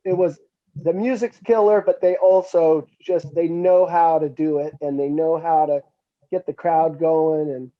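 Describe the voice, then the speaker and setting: A man's voice: fairly high pitch, a little slow, lo-fi sound. A middle-aged man telling stories casually as an interview guest, animatedly acting out what others said. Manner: animated, acts out quotes with raised voice. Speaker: interview guest, metal musician. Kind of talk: casual storytelling.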